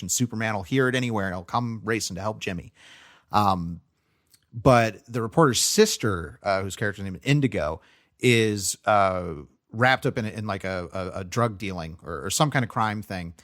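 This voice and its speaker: A man's voice: on the low side, a bit bright. Rambling man reviewing movies. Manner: rambling, frequent fillers and restarts. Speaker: podcast co-host. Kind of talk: casual movie review chat.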